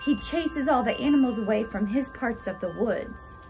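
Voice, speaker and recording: A woman voicing a vain, sharp-tongued little girl who speaks in an indignant, pouty way. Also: fairly high pitch, expressive, normal speed, over music, low-quality recording.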